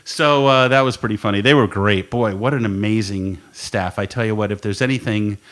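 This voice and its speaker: A man's voice: on the low side, a little fast, a bit bright. A man co-hosting a podcast in a studio, telling a long story in casual chat, swearing and laughing as he goes. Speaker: podcast co-host. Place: recording studio.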